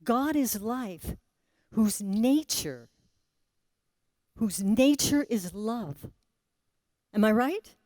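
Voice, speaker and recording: A woman gives a spiritual talk with a fairly high but mellow voice. She takes her time, pausing and letting her voice sink to a near hush. The sound is dry and close. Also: animated, no echo. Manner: asks the audience questions. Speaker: spiritual teacher. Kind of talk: spiritual talk to a live audience.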